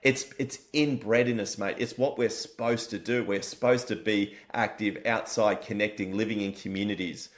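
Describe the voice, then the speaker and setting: An Australian man, a wellness company founder, talking as a guest in an energetic, matey interview style and swearing casually. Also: fairly low pitch, normal speed, hardly any pauses.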